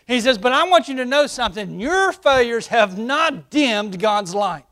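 A fervent male pastor with a high-pitched voice preaches a sermon through a face mask. He pushes hard into loud, emphatic peaks, then sinks into quiet, intimate stretches, and the mask slightly covers his words. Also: animated, moderate pace. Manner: swings between loud emphatic peaks and hushed low passages. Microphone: wearing a face mask while preaching.

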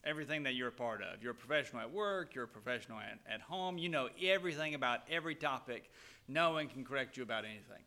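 A man's voice: mid-range voice, lively intonation, fast talker, bright, forceful tone. A man preaching a sermon to his congregation, casual and conversational, often asking them questions. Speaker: pastor.

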